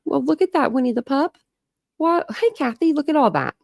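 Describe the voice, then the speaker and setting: A woman's voice: high-pitched, very animated, a little fast, vocal fry, darkish tone, no echo, clean studio sound. A woman from Ohio hosting a casual true crime livestream, chatty and laughing often as she greets viewers by name. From Ohio, USA. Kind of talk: casual live-stream chat.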